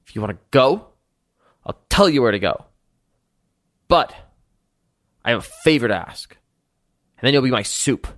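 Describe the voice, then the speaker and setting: A man's voice: medium pitch, sing-song, normal speed, long pauses, a bit bright, no echo, studio quality. A man voicing a petulant, menacing male captor who threatens to turn people into soup. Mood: scheming. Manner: childish, stubborn, menacing.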